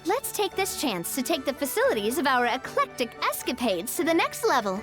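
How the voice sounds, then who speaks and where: A woman voicing a confident, upbeat noblewoman running a business in a video game, speaking in an animated way. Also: high voice, fairly quick. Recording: game audio with music.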